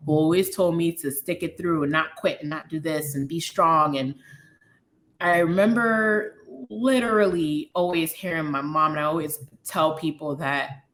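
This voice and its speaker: Speaking at normal speed in a low, grounded voice, a Liberian American guest in her thirties tells her own story openly and frankly. As she recounts scenes she animatedly acts out the dialogue.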